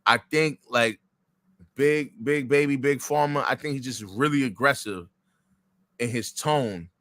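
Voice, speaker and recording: Bright-voiced laid-back co-host man. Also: mid-range voice, a little slow, dry recording. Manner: hesitant, filler-heavy, laid-back. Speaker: podcast co-host. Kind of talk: casual chat.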